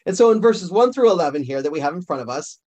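Male pastor, relaxed conversational sermon delivery, stops to fix his own slips, voice sits a bit high. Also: fast talker. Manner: conversational, restarts and self-corrections. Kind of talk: sermon with scripture reading.

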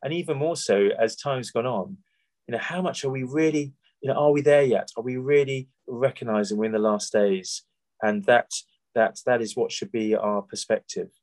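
A man from Britain preaches a sermon in an easy, conversational way. He keeps asking his listeners rhetorical questions and often restarts a phrase mid-sentence. His voice sits at an ordinary middle pitch. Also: moderate pace, darkish tone.

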